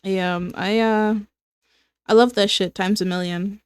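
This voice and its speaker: Young female streamer, casual drawing chat, slow filler-heavy delivery, dry mic. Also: medium pitch, fairly even intonation, clean tone, dry recording. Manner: rambling, filler-heavy, breaks into laughter. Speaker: streamer and illustrator.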